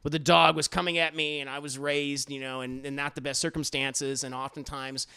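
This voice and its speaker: A man voicing a scheming, arrogant young man who talks in a low, muttered, mock-polite way. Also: little pitch movement, a little fast, creaky, sharp tone, clean tone. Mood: falsely apologetic.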